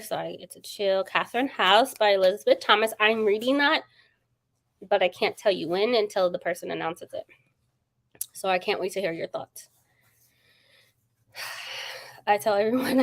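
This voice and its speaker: Book-channel host, woman, chatty and quick to laugh, mid-pitched voice, greets her chat. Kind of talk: casual livestream chat.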